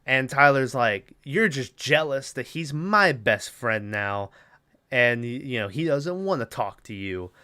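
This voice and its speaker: A young man hosting a podcast, casually recapping a movie plot with loose, profane storytelling and quick character voices. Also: medium pitch, lively intonation, bright, forceful tone, smooth. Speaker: podcast host recapping a film. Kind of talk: casual chat.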